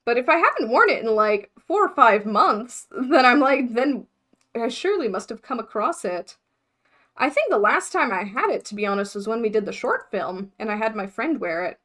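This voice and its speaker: A woman's voice: a little high, animated, normal speed, bright, forceful tone. Chatty young woman thinking aloud. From United States. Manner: chatty, scattered, laughs often, thinking aloud. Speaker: mermaid vlogger livestreaming. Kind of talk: casual livestream chat.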